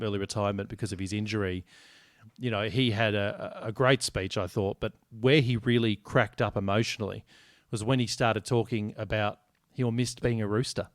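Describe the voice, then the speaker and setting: A man's voice: on the low side, fairly even intonation, moderate pace, no room sound, studio quality. A man co-hosting a casual sports podcast, blunt and joking, swearing freely. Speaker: podcast co-host.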